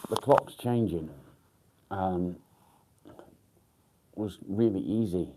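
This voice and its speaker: Livestream host: man, deep, slow and groggy, dark muffled tone, rambling delivery. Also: slight background noise. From England. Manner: groggy, rambling, mumbled fillers and swearing. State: groggy, just woken up. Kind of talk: casual live-stream chat.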